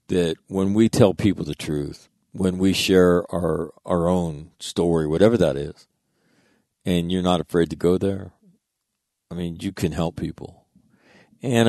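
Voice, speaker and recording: A man's voice: deep voice, vocal fry, darkish tone, no echo, clean studio sound. A man telling an earnest story in a casual monologue, reading out text messages and swearing freely.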